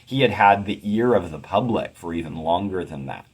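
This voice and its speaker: Low, husky-voiced man teaching poetry. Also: animated. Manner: chants rhythms as da-da syllables while reading verse aloud; thoughtful, measured explanation with occasional fillers. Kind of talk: explanatory lecture.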